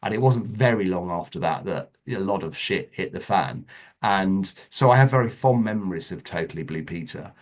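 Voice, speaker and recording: Chatty middle-aged man, fairly low voice. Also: normal speed. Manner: chatty anecdotal storyteller, lively asides. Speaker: interview guest, former children's TV producer. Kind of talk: casual conversational interview.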